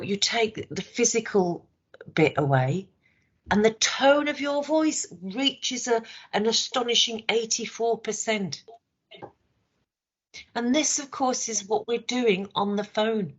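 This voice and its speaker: Hoarse woman leading a training session. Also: a little high. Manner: conversational, asks rhetorical checks. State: hoarse, voice worn. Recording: dull lo-fi recording.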